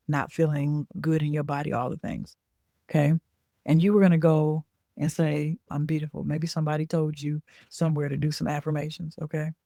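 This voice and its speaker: A woman's voice: sits low, dark tone, dry recording. Chatty woman with a dry, close sound. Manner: chatty, checks in with frequent "okay?"; corrects herself mid-sentence. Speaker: podcast host and business coach. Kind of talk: casual talk.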